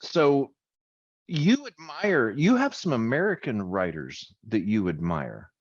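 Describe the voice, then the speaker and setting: A man hosting an interview podcast, playful and animated as he asks questions. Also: mid-range voice, takes it slowly, lo-fi sound. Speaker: podcast host. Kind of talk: interview conversation.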